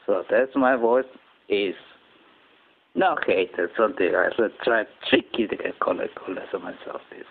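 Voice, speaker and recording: A man from Japan, rambling through a personal story in halting English with many restarts. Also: lowish voice, vocal fry. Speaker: channel host. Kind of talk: casual personal monologue. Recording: tinny phone-quality audio with faint noise.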